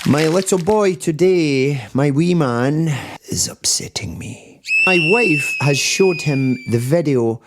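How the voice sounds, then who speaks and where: A man's voice: on the high side, slow pace, few pauses, over a noisy crowd, very noisy. A Scottish man hosting a reaction video, chatting in a rambling, casual way. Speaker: reaction channel host. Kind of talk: casual chat.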